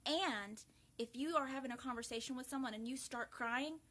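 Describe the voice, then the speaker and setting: A woman's voice: high-pitched, moderate pace, a bit bright. Earnest woman talking to viewers. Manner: earnest, encouraging, many fillers and restarts. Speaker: host of a grief support live video. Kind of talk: casual live-stream talk to viewers.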